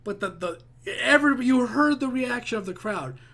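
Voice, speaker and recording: A man's voice: extremely high pitch, animated, moderate pace, a bit bright. A man giving casual, profane reaction commentary, rambling with many restarts. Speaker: reaction video host.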